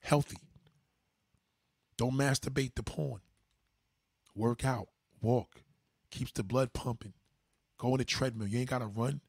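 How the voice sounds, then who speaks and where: A man's voice: fairly even intonation, a little slow, creaky, pauses often, a little mellow, slightly rough, dry recording, studio quality. A man hosting a livestream, giving blunt, profane advice to his viewers in a casual, preachy way. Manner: mimics others in higher pitch. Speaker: livestream host.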